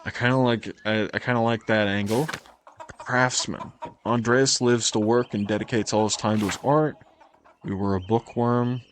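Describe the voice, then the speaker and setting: A man's voice: mid-range voice, steady tone, normal speed, a little hiss or hum. A man streaming a video game, rambling and self-mocking in casual commentary, swearing now and then. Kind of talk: casual let's-play commentary.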